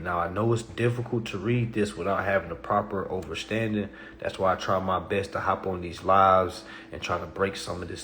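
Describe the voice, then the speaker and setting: Hosting a laid-back livestream, the man hammers his points home and tags them with "all right" or "okay." Quiet stretches give way to loud, animated flare-ups, and there's a bit of background noise.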